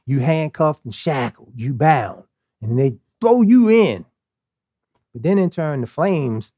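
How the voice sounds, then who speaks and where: A man's voice: a little high, mellow, no echo, muffled recording. Emphatic, conversational male preacher. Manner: emphatic, conversational, rhetorical questions. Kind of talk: sermon.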